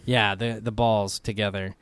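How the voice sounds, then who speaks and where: A man's voice: lowish voice, level tone, normal speed, a bit bright, clear, resonant tone, no room sound. A man co-hosting a casual podcast, telling loose, profane stories and slipping into voices. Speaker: podcast co-host.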